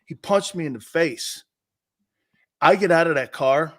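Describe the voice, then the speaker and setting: A man with a fairly high voice hosts a sports talk show in a studio. He is on his feet, rambling through animated stories and restarting his sentences again and again. His tone is loose and casual. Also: a little slow. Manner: does the show standing up.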